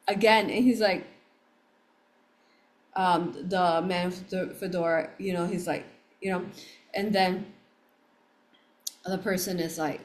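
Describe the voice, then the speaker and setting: Excitable woman hosting a livestream. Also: medium pitch, measured pace, pauses often. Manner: excitable, exclaims often, restarts sentences. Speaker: livestream host. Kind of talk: casual livestream storytelling.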